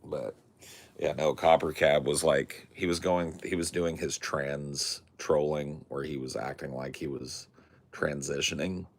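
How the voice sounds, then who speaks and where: Man, very deep voice, husky and gravelly, relaxed cussing storyteller. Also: a little slow. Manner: laid-back, profane, laughs often. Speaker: podcast host. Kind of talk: casual storytelling chat.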